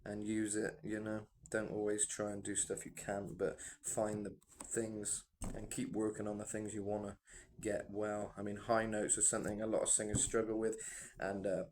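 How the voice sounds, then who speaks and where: A man's voice: lowish voice, monotone, normal speed, darkish tone, slight background noise. A man who sings himself, giving rambling, enthusiastic reaction commentary full of fillers. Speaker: music reaction vlogger and singer.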